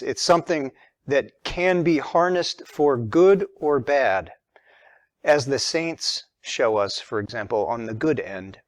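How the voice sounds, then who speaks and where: A man teaches a religion lesson, moving methodically from point to point and leaning on key words. His voice sits at an ordinary middle pitch. The recording is dry, with no room echo. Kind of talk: explanatory lesson.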